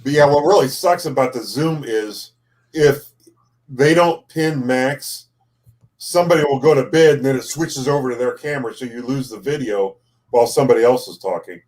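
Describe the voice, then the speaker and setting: A man's voice: medium pitch, moderate pace, darkish tone. A man chatting casually on a live stream, telling a story in a plain matter-of-fact way.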